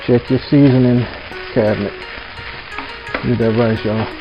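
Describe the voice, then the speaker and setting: A man hosts a relaxed cooking vlog from his home kitchen, chatting in a folksy way straight to the viewers. His voice sits at a middling pitch and comes through dull and lo-fi, with music playing underneath and a pan sizzling. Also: a little slow. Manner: folksy, keeps addressing viewers as "y'all". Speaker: home cook, channel host. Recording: dull lo-fi audio with music bed. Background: background music and sizzling pan.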